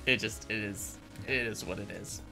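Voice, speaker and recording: A man's voice: lowish voice, fairly even intonation, normal speed, vocal fry, pushed and bright, soft background music. A man hosting a casual film chat, enthusiastic and rambling. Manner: enthusiastic, rambling, restarts sentences. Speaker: podcast host.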